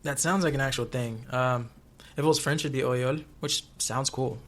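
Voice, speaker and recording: A young man co-hosting a casual podcast chat, joking and animated, laughing often. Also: mid-range voice, a little fast. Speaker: podcast co-host.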